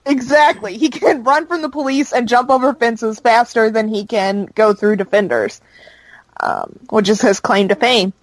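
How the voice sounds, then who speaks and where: Woman, fairly high voice, casual podcast recap, rambling, dry close sound. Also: animated, moderate pace, no room sound, poor audio. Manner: rambling recap with fillers, laughs easily. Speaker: podcast co-host recapping a show. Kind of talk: casual chat.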